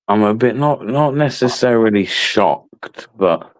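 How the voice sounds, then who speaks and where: Very deep-voiced man, blunt. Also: lively intonation, measured pace, no room sound. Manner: opinionated, repeats himself, casual swearing. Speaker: live stream host. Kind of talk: casual late-night live chat.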